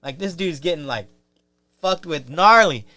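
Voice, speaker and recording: A man's voice: fairly high pitch, expressive, measured pace, sharp tone, no room sound. A man, a podcast guest, telling a rambling, casual story full of fillers and swearing.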